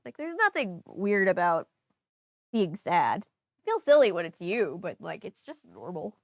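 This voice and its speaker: A woman's voice: fairly low pitch, sing-song, unhurried, vocal fry, dry recording, clean studio sound. A young woman reading a novel aloud and breaking off for candid, chatty commentary. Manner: chatty and candid, with casual asides. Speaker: booktuber.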